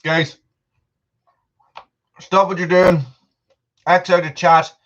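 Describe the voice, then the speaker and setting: A man's voice: sits high, little pitch movement, slow, a bit bright. A man from Britain hosting a casual live stream, chatting to viewers by name and eating popcorn as he talks. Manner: chatty, reads out viewer names, eats popcorn while talking. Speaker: livestream host. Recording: dull lo-fi sound.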